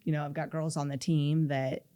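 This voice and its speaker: With a low-pitched voice at normal speed, this middle-aged woman shares a personal story as an interview guest. Her manner is animated, and she acts out the dialogue she recalls.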